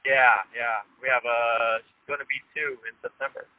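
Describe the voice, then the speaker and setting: A man's voice: medium pitch, steady tone, moderate pace, no room sound. A man telling a story in casual chat, laughing often and acting out the people he quotes. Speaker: interview guest. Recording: tinny phone line.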